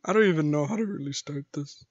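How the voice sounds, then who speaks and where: A man's voice: fairly high pitch, fast, no room sound. A man hosting his own gaming channel, chatting casually and poking fun at himself. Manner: chuckling, self-mocking. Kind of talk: casual vlog commentary. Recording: dull lo-fi mic.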